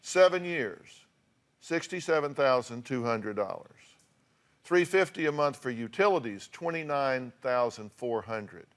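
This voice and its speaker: An older man with a Southern American accent hosts a confrontational advice talk show, bluntly scolding his guests and reading out costs and figures. His voice sits at medium pitch with lively intonation and a measured pace.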